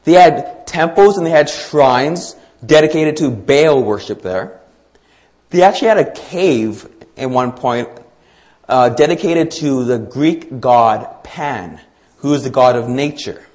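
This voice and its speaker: A man preaching a sermon in a conversational style, with frequent fillers and restarts. His voice sits at a middle pitch for a man. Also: takes it slowly, a little mellow. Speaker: pastor.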